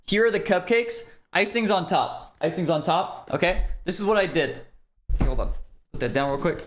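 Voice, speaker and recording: A man's voice: high-pitched, normal speed. A male streamer telling an exasperated story in casual chat.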